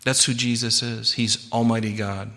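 A man's voice: medium pitch, little pitch movement, normal speed, bright, forceful tone. A man preaching a sermon, earnest and emphatic, with frequent restarts and repeated words. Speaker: pastor.

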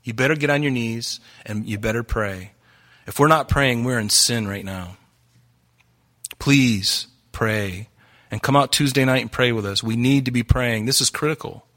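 A man's voice: medium pitch, moderate pace, bright, forceful tone. A man preaching a sermon as pastor, earnest and urgent, asking the congregation many questions.

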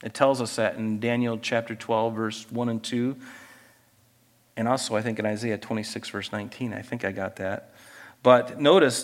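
A male pastor preaching an expository sermon, reading scripture with loud emphasis and dropping to quiet conversational asides and rhetorical questions. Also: fairly low pitch, steady tone, normal speed, big-room sound.

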